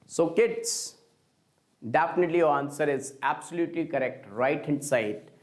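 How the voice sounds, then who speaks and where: A man teaching a live online chemistry class, talking slowly and repeating himself as he calls his students kids. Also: fairly high pitch. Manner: slow, repetitive, addresses students as kids.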